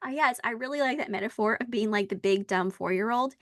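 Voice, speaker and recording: An American woman hosting a casual podcast conversation, telling stories in a lively way and acting out the dialogue. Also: a little high, quick pace, no room sound, clean studio sound. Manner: animated storyteller who acts out dialogue. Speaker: podcast host.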